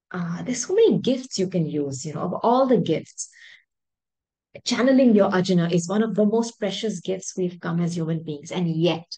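A woman with a fairly low voice reads tarot straight to her viewers. She talks in an emphatic, rambling way. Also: rough recording. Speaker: tarot reader. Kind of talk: spoken tarot reading to viewers.

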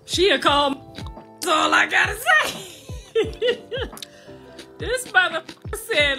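Older woman, high bright voice, slow loud laughing rant, streamed clip. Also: animated, over music. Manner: laughing, loud, profane storytelling. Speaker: livestreamer. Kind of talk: casual live-stream rant.

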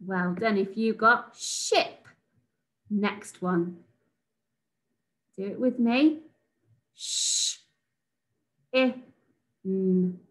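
A woman teacher from England giving a recorded phonics lesson to young children, sounding out letters slowly and praising them. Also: medium pitch, bright, forceful tone, rough recording. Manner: slow, sing-song, sounds out letters and praises. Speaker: reception class teacher.

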